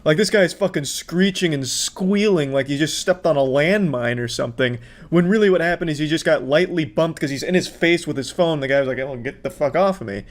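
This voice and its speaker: A man riffs sarcastically over clips with a slightly raised pitch. He swears freely and mocks everyone he watches. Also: a little fast, few pauses. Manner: sarcastic, profane, mocking. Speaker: commentator. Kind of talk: mocking reaction commentary.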